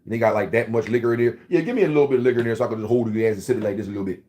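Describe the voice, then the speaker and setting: A man's voice: medium pitch, very fast, darkish tone. A man in his forties from Philadelphia, with a Philadelphia accent, ranting bluntly and profanely in a casual video monologue. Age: 40s. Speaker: vlogger.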